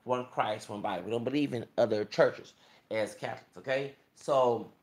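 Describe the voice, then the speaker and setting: A Texas man with a gravelly Southern voice holds forth at length, emphatic and preachy, stacking up scripture as he goes. His mid-pitched voice bounces around a roomy, echoey space. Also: moderate pace. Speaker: YouTuber. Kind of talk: impassioned monologue. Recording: echoey room.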